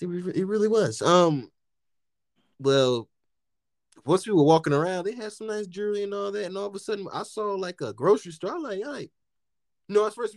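Young US guy, slightly high voice, dry close sound, rowdy laughing storyteller. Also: no echo. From United States. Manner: animated, profane storytelling with frequent laughter. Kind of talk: casual chat.

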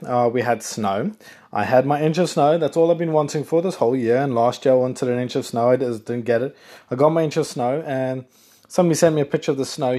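A man from South Africa hosting a casual solo podcast, rambling and chatty, correcting himself as he goes. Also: medium pitch. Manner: rambling, chatty, self-correcting, excitable bursts. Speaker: podcast host.

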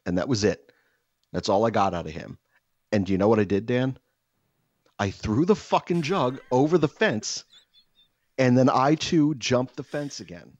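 A man telling a self-mocking comic story in casual chat, animated and swearing freely. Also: mid-range voice, normal speed, long pauses, no echo, dull audio.

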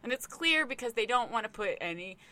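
A woman and parent telling a funny story in casual chat, expressive and swearing freely. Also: fairly high pitch, a little fast. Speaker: podcast co-host and parent.

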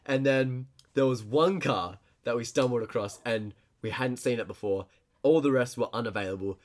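A man's voice: medium pitch, normal speed. A young man hosting a podcast, telling a story in casual chat, often laughing as he rambles. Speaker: podcast host. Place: storehouse.

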